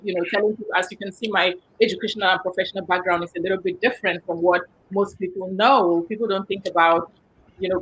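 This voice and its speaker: A woman guest on a talk show, speaking with a cold and a cough drop in her mouth, explaining her background in an animated way. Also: medium pitch, husky, rough recording. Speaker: guest, business director. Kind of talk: panel discussion.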